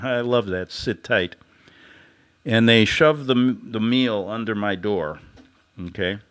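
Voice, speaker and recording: A man's voice: lowish voice, takes it slowly, a bit bright. A man hosting a radio show, telling a rambling satirical story and chuckling at his own jokes.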